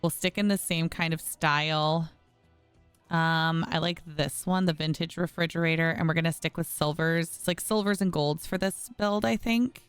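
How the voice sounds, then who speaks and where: She speaks low and steady at a normal speed, her tone clear and resonant over a dry recording with faint music behind. As a gaming streamer playing a home-building game, she chats casually, gets exasperated, and calls her viewers y'all.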